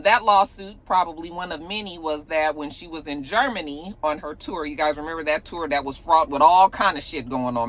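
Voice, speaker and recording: A woman hosting a casual celebrity gossip chat, talking straight to her viewers in a chatty, animated way. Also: deep voice.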